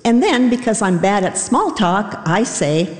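A woman's voice: medium pitch, big pitch swings, measured pace. A middle-aged woman tells a wry, self-mocking story live from a stage. Her voice rings out in a roomy hall with a long reverb tail. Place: theater stage before a live audience.

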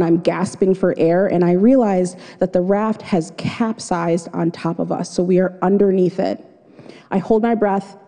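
Woman telling a story live on stage, dramatic and vivid, mellow voice, big echoing hall. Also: fairly low pitch. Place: stage before an audience. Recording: long hall reverb.

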